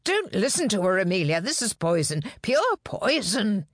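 A woman reading an audiobook, voicing a man, a fiancé who talks earnestly and turns shrill and snappish when challenged. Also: big pitch swings, normal speed, no echo, studio quality. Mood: earnest, indignant. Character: pompous, indignant fiancé, a man.

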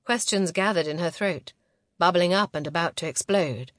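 A woman reading a novel aloud as narrator, in a measured, close and intimate way. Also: fairly low pitch, fairly bright tone, no room sound. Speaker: audiobook narrator. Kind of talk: scripted narration.

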